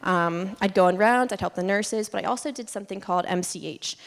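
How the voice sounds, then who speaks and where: A young woman gives a casual student presentation in a mid-pitched voice, chatty and full of fillers. She laughs often as she talks. A long hall reverb trails behind her voice. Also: brisk, vocal fry. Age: young adult. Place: lecture hall.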